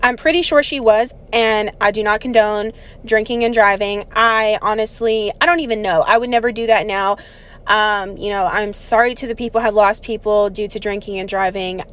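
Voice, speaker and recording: A young woman casually telling a personal story in a rambling, animated way, full of "like" and swearing. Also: medium pitch, normal speed.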